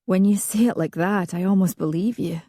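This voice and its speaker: A woman voicing a headstrong young bride, proud and passionate, speaking in a breathy, softly pleading whisper. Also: medium pitch, moderate pace, no room sound, clean studio sound, lightly acted. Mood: tender.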